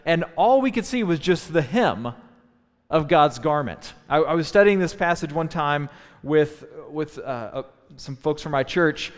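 A man's voice: on the high side, expressive, a little slow. A man preaching a sermon, teaching in a thoughtful tone with frequent restarts. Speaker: pastor. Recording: long hall reverb.

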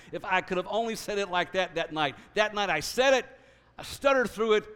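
A man sharing his personal testimony. He tells it earnestly and in an animated way, often restarting his sentences. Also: high-pitched, fairly quick, clean tone. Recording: reverberant hall.

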